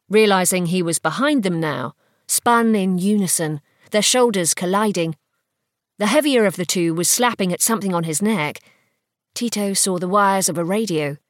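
A woman narrating a novel in a measured, even storytelling voice. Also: medium pitch, no echo, clean studio sound. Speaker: audiobook narrator. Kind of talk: scripted fiction narration.

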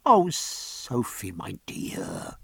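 A man's voice: on the high side, sing-song, normal speed, creaky, a bit bright, slightly rough, dry recording, clean studio sound, full character voice. A man playing a middle-aged naval officer husband in an audiobook, earnest and pleading. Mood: gentle. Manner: earnest, pleading, then harsh. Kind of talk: audiobook character voice.

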